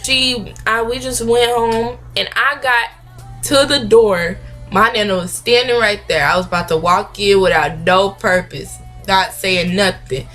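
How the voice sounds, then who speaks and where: A young woman vlogger telling a story in a casual, slangy, animated way, acting out what people said. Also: medium pitch, measured pace, faint music behind. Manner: animated, slangy, acts out quotes. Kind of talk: storytime vlog.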